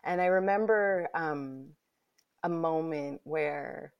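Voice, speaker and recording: A woman guest, an author, telling a personal story in conversation, lively and dropping to whispers for her inner thoughts. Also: fairly low pitch, moderate pace, creaky.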